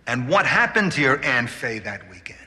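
A stern, sarcastic father pinning his grown son down with pointed questions. His voice is bright and swings widely in pitch. The clip echoes with a long hall reverb. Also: very animated, moderate pace. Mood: sarcastic grilling.

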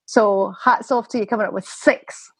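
A woman's voice: mid-range voice, steady tone, moderate pace, slightly rough, no echo, rough recording. Rambling woman guest. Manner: rambling, laughs often, self-interrupting. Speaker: guest parent. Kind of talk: casual conversational chat.

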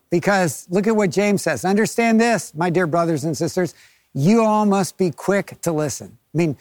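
Male pastor, high voice, animated storyteller, dry sound. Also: no echo. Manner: storytelling, acts out quoted voices. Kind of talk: sermon.

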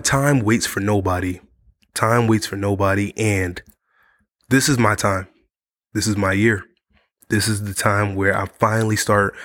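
Recorded on a studio mic, this man's voice is on the low side and a bit bright. He's hosting his own podcast, speaking to camera in a casual monologue that is earnest and repetitive, though he is ill and exhausted.

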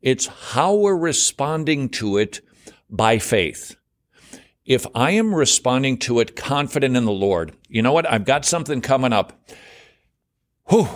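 Animated man teaching in an interview. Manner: animated, acts out worried voices with sudden high pitch jumps. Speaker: guest author.

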